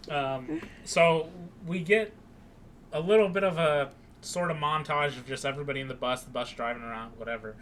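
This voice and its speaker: A young man co-hosting a podcast, recapping a film in casual chat and acting out the characters' lines in an animated way. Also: on the high side, moderate pace, a little hiss or hum. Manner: animated, acts out quoted lines with raised voice. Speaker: podcast co-host.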